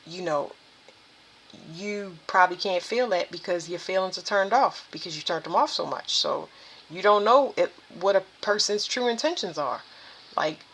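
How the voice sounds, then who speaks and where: A woman's voice: on the low side, animated, moderate pace, a bit bright, slight background noise. A woman doing a tarot reading, talking to viewers in an emphatic, preachy way. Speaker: spiritual tarot reader.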